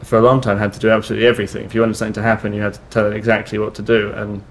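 A man talking in a casual interview, halting, with many restarts and fillers. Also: on the low side, little pitch movement, slight background noise. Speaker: guest musician.

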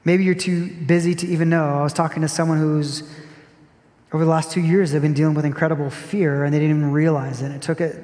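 A man preaching a sermon as a pastor, earnest and reflective, repeating key phrases with gentle emphasis. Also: on the high side, flat delivery, quick pace. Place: church sanctuary. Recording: long hall reverb with soft music behind.

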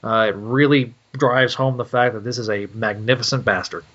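A man co-hosting a comics podcast, speaking earnestly with many pauses and restarts. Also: medium pitch, fairly even intonation, fairly bright tone, dull audio. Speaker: podcast co-host. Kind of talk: casual comic book podcast chat.

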